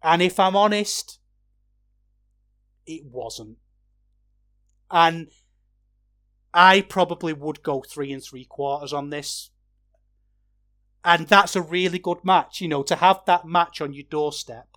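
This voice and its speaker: A man hosting a podcast, giving a rambling, opinionated wrestling review that gets animated when he is worked up. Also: a little high, slow pace, long pauses. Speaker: podcast host.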